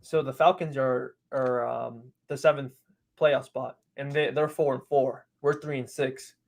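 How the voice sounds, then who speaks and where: A man's voice: medium pitch, steady tone, unhurried, creaky. A man guesting on a sports podcast, chatting animatedly, laughing and repeating himself as he talks. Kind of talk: casual sports chat.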